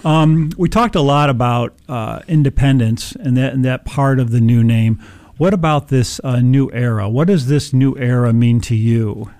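A man interviewing a guest, agreeable and a little halting as he responds. His voice sits at a middling pitch, and the sound is dry and close with no room tone. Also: darkish tone, no echo. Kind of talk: conversational interview.

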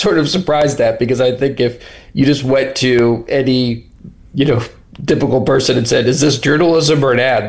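A man speaks as a reporter on a radio interview, in a mid-range voice. He thinks aloud as he talks. His sentences often restart and fill with pauses as he works out his points. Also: medium pitch. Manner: thoughtful, with many restarts and fillers. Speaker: reporter guest. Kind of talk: interview answers.

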